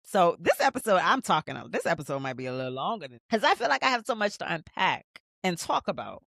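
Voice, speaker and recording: A woman's voice: on the low side, very animated, fast talker, vocal fry, fairly bright tone, no room sound. Woman host, chatty slangy recapper, loose restarts, dry close sound. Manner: chatty, slangy, swears freely, restarts sentences. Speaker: rewatch podcast host. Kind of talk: casual TV recap commentary.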